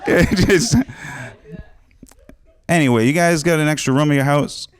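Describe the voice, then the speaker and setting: A man's voice: a little high, unhurried, a crowd in the background. A man doing a crude, rambling stand-up set in a small studio, often laughing at his own jokes. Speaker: stand-up comic. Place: small cable access studio stage.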